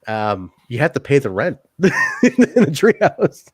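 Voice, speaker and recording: A man co-hosting a casual wrestling review podcast, animated and joking, often laughing and swearing. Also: medium pitch, moderate pace, dry recording. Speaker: podcast co-host.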